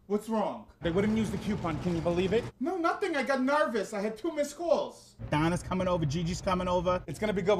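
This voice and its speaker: A bossy middle-aged Italian mother, put on by a man in a comedy sketch, nagging and hollering across the house. The voice sits high and leaps all over the place. A faint hum of ambience sits underneath.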